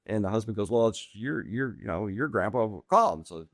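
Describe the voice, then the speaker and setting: A middle-aged man appearing as a guest on a podcast, telling animated anecdotes and laughing often as he goes. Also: on the low side, brisk, no room sound, clean studio sound. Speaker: guest real estate agent. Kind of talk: casual podcast storytelling. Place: indoor podcast room.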